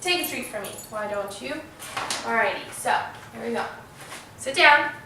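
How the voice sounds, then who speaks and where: A woman's voice: fairly high pitch, moderate pace, creaky. A woman hosting a casual dog-training tutorial, patiently giving her puppy short commands. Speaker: dog trainer and channel host. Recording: echoey room, mic far off, faint dog noise.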